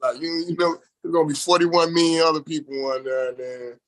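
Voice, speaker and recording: Man, slightly high voice, reality show contestant, casual interview, animated storyteller, does voices for quoted people. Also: brisk, rough recording. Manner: loose and rambling with many fillers.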